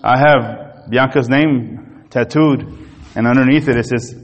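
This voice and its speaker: A man pastor delivering a sermon, telling a personal story in an animated, emotional way. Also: mid-range voice, measured pace, long reverb tail.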